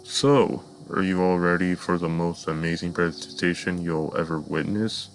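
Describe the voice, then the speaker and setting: A man voicing a boisterous middle-aged cartoon father making an eager sales pitch in a fan story. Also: steady tone, moderate pace, slight background noise.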